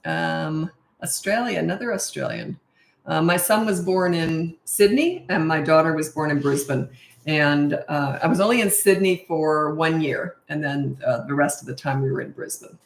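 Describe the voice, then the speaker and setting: A woman's voice: deep voice, moderate pace, gravelly. A woman who is a parenting coach, chatting casually and rambling on a live stream, laughing often. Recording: echoey room.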